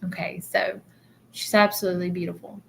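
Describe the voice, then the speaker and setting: A woman hosting a casual live stream, talking softly and haltingly with many fillers as she gives readings to viewers. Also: lowish voice, flat delivery, vocal fry, a little hiss or hum. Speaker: psychic medium livestreamer.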